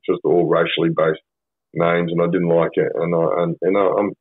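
Deep husky aussie bloke, swears a lot, rambles, sounds like he's on a tinny phone line. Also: little pitch movement, moderate pace, no echo. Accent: Australian. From Australia. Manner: blunt, sweary, rambling with many fillers. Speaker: podcast guest. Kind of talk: casual storytelling.

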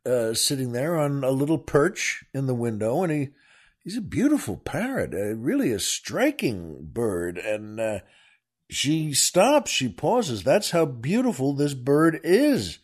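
This man hosts a podcast, his mid-range voice husky and sing-song, his pace a little slow. He tells a joke in a laid-back way, chuckling and wandering along with plenty of fillers.

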